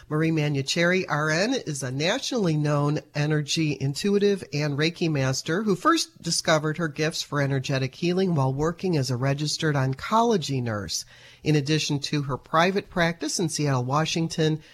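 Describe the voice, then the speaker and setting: A woman's voice: low-pitched, slight background noise. A woman with a Chicago accent, co-hosting a radio show, sounding nasal from a cold. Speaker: radio co-host. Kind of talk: casual radio chat and reading a bio.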